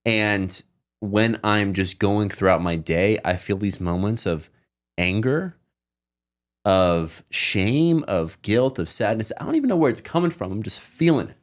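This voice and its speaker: A young adult man co-hosting a podcast, speaking candidly and in a relaxed, soft way about his own emotions. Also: on the low side, unhurried. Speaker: podcast co-host. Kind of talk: casual personal talk.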